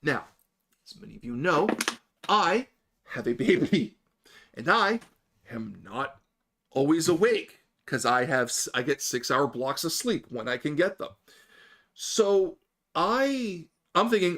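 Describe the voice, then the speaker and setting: Guy telling a story on stream, animated and laughy, voice a bit high. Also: measured pace. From Canada. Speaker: streamer and library supervisor. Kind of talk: storytelling on a livestream.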